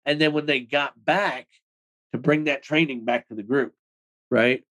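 A man talks as a guest on a podcast, recounting his past in a casual, rambling way. His speech runs quick and loose, padded with "like" and salted with swearing. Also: medium pitch, a bit bright, low-quality recording. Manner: rapid, loose talk full of "like" and swearing. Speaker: interview guest, former extremist. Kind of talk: casual storytelling in a podcast interview.

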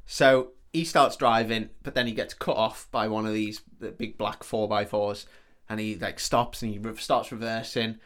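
A man's voice: fairly low pitch, fairly even intonation, normal speed, fairly bright tone. A man co-hosting a podcast, casually recapping a film in a rambling way full of "like" and swearing. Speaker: podcast co-host.

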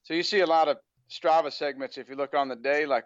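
A man's voice: a little high, fairly even intonation, fast talker, few pauses, no room sound, dull audio. An American man speaking as a guest on an interview podcast, talking casually with a rambling flow full of "you know" fillers. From United States.

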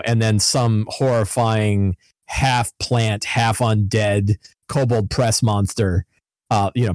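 A man, a podcast co-host and game master, recounting his tabletop session in animated, casual storytelling. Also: on the low side, dry recording, studio quality. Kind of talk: casual chat.

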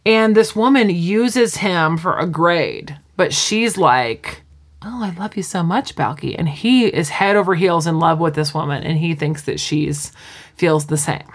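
A woman's voice: lowish voice, measured pace. A woman co-hosting a podcast in casual chat, animatedly retelling scenes and acting out the quotes. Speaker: podcast co-host.

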